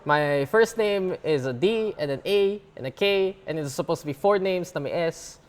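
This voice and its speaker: A woman's voice: lowish voice, expressive, moderate pace. A woman with a Filipino accent, an esports caster chatting as a guest in earnest Taglish. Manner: earnest, drifts into Taglish with fillers like "eh". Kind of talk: casual interview chat. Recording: music playing underneath. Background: background music.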